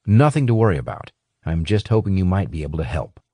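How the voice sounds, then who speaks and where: A man voicing a calm, courteous male investigator who speaks in a polite, measured way in a storybook. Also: sits low, husky, no echo, studio quality, heavily acted.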